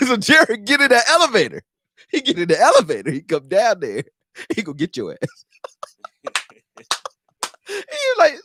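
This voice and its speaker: Man, football commentary, casual rant, profane, high lively voice, dry sound. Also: moderate pace, pauses often, slightly rough, no room sound. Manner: animated, profane, acts out quotes. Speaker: fan commentator making football videos.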